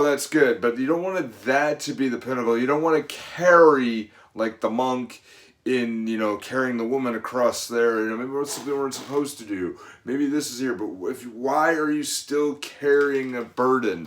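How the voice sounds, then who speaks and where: A man's voice: mid-range voice, a bit bright. A middle-aged man, a fitness coach, giving an earnest, rambling motivational monologue full of "you know" asides.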